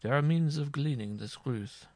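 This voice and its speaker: A man reading aloud and voicing a stern judge who speaks quietly, with measured, ominous calm. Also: medium pitch, dry recording, voice pushed up, close to an everyday voice.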